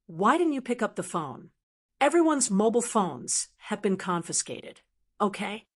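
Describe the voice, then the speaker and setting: A woman's voice: medium pitch, big pitch swings, a little slow, husky. A woman voicing an angry, defiant man who has been cornered by his old gang, in a storybook read-aloud. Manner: shouting, defiant.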